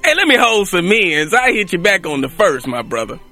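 Man doing a brash, high-pitched street tough. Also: big pitch swings, normal speed, pushed and bright, soft background music, full character voice. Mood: swaggering. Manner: brash slang, aggressive. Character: swaggering young male street tough in a mock ad.

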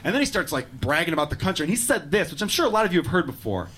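A man's voice: on the high side, very animated, very fast, a bit bright, slightly rough. Brash profane man doing stand-up. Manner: brash, profane, acting out both sides of a story. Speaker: stand-up comedian. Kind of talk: stand-up comedy set.

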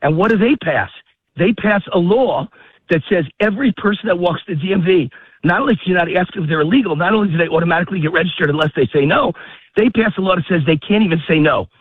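A man calls in while walking outdoors, audibly out of breath. His voice is high and husky, squeezed through a dry, tinny phone line. He talks in an emphatic, repetitive barrage. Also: no room sound. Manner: emphatic, rapid-fire and repetitive. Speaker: call-in guest. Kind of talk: heated political phone interview. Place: outdoors walking a dog in a park.

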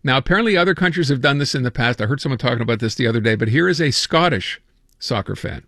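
A man's voice: medium pitch, lively intonation, quick pace, fairly bright tone, no echo, studio quality. A man hosting a radio show, chatting casually and joking about news stories, stumbling over words now and then. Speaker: radio host. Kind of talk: casual talk radio banter.

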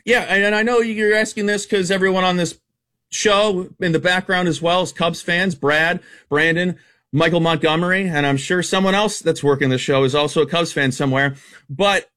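A man working as a sports betting analyst, rattling off baseball stats quickly and bluntly on a radio show. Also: high-pitched, sharp tone. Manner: rapid stat-heavy, emphatic and blunt.

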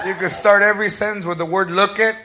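Guy doing standup, spanglish, acts out drunk calls, loud crowd and room noise. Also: high voice, fairly even intonation, fast talker. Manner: mixes Spanish words into English, acts out drunk phone calls. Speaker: stand-up comedian. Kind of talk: stand-up comedy. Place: comedy club stage before a laughing crowd.

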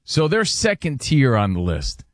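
A man's voice: medium pitch, huge pitch swings, a little slow, no echo, clean studio sound. Man hosting a sports talk show. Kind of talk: lively sports radio banter.

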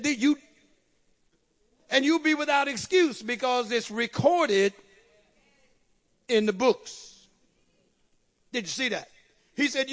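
A man's voice: extremely high pitch, animated, moderate pace, a bit bright. A man preaching a sermon as pastor, calling out to the congregation and repeating key phrases.

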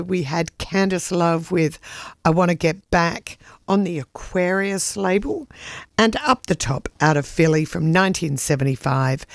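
A radio DJ talks chattily into a close studio mic, rattling off record details and shout-outs with easy enthusiasm. The sound is dry and tight. The pitch sits in a middle register. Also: no echo. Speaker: community radio DJ. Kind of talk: radio show back-announcing and shout-outs.

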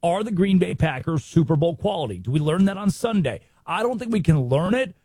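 An American man hosting a sports talk show, brisk and opinionated, firing rhetorical questions. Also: high-pitched, lively intonation, dark tone, husky, no echo. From United States. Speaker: sports radio host.

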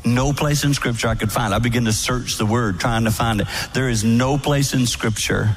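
A man giving a sermon-style talk to a live audience, telling folksy stories with soft, whispered asides. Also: medium pitch, moderate pace. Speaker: speaker at a marriage event.

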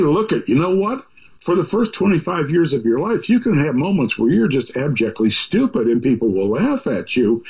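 A man's voice: on the high side, darkish tone, breathy edge, low-quality recording. An older man, an author, talking in a rambling, folksy, reflective way full of asides and restarts. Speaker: author talking about his book. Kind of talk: reflective conversational monologue.

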